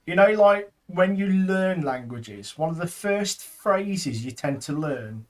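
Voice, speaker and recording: A man's voice: sits high, lively intonation, slow, darkish tone. A man, chatting and joking casually while streaming a game, a father teasing his daughter. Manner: jokey, teasing, rambling. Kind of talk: casual gaming stream chat.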